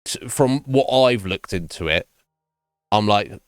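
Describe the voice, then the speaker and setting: A man's voice: on the low side, lively intonation, slow, clear, resonant tone, dry recording. A man streaming a game and chatting casually with his viewers, musing aloud with lots of fillers and restarts. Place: home streaming setup. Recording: dry close mic, faint game music behind.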